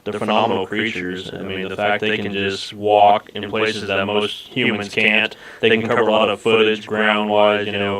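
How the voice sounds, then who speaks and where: Laid-back guy hosting a live podcast, bright tone, laughs a lot. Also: lowish voice, echoey room, low-quality recording. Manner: laughs often, easygoing and joking. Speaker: podcast host. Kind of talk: casual live interview.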